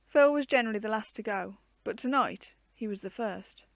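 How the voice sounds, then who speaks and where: A woman reading a children's storybook aloud with an expressive, varied storytelling delivery. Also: on the high side, moderate pace, no room sound.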